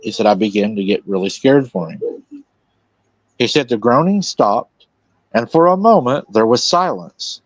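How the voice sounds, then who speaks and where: A man's voice: medium pitch, moderate pace, pauses often, dry recording, rough recording. Man hosting a live stream, dry sound. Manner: relaxed retelling of a witness's account, with quoted lines. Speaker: host.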